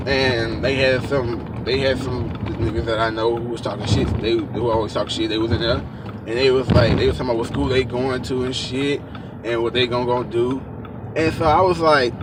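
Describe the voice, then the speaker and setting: A young man casually telling a personal story, emphatic and profane, acting out what people said. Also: a little high. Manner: emphatic, profane, acts out quoted dialogue. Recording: noisy background.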